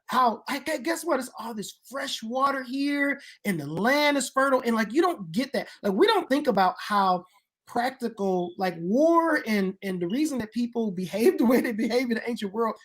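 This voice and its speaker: A woman in casual conversation, explaining the Bible in an animated way and building her points to emphatic peaks. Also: fairly high pitch, normal speed, husky. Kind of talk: casual discussion of Bible history.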